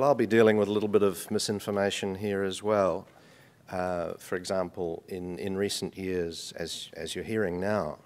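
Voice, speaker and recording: Guy giving a conference talk, lowish voice, careful and measured, stumbles over a word now and then. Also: darkish tone. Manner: measured, repeats words when restarting. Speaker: conference speaker. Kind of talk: academic presentation.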